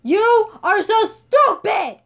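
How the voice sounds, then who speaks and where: A woman voicing a bad-tempered man in charge who yells in fury, in a self-read story. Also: extremely high pitch, animated, extremely slow, voice pushed up, heavily acted. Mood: furious. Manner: shouting, furious.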